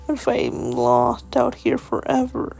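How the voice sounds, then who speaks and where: A woman's voice: high-pitched, big pitch swings, unhurried, creaky, a little mellow, husky, faint music behind, pitched above the performer's own voice, heavily acted. A woman voicing a small, lost winged boy who whimpers and pleads. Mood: tearful.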